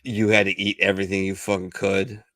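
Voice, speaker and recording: A man with a low voice hosts a casual podcast, joking and swearing freely as he banters. The sound is dry and close, with no room echo. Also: little pitch movement, fairly quick, fairly bright tone. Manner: profane, loose, joking. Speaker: podcast host.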